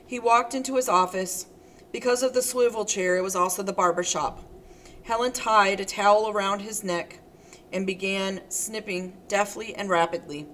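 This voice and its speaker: A woman's voice: medium pitch, steady tone, moderate pace, fairly bright tone, a little hiss or hum. Woman narrating an audiobook. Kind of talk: scripted narration.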